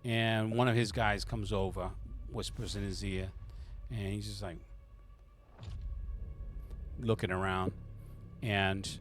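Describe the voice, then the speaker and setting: A man's voice: on the low side, steady tone, slow pace, pauses often, soft background music. A man narrating as game master of a tabletop game, rambling with frequent restarts.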